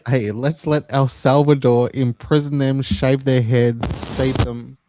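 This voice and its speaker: A man hosting a podcast, telling anecdotes in an animated, casual way. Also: mid-range voice, unhurried, background noise. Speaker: podcast host.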